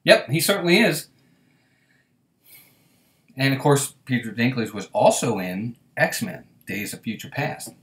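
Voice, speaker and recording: A man hosting a casual live stream, with a lively, bouncing voice that rises and falls. He chats freely, laughs a lot and reads viewer comments aloud. The sound has a roomy echo. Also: mid-range voice, unhurried, pauses often. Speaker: host.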